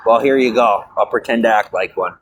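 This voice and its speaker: A man's voice: fairly low pitch, fairly quick, a bit bright, a little hiss or hum. An angry man in a profane, repetitive rant, talking outdoors at night beside a bus bench. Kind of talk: angry monologue.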